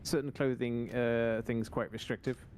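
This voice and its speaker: A man's voice: mid-range voice, flat delivery, moderate pace, darkish tone, slight background noise. A young man streaming a game, chatting casually in a rambling way and acting out quoted lines in funny voices. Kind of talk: casual chat while gaming.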